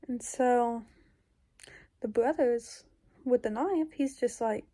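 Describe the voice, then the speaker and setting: A woman's voice: a little high, fairly even intonation, normal speed, warm tone. A woman recounting a dream in casual, rambling storytelling, full of fillers and sometimes dropping into whispers. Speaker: YouTuber.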